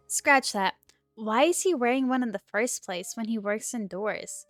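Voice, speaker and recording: A woman's voice: a little high, measured pace, dry recording, studio quality. A woman streamer reading a dating game aloud in a casual playthrough, with a sore throat and giggly, chatty asides. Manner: chatty, giggly asides between read lines. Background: faint game music.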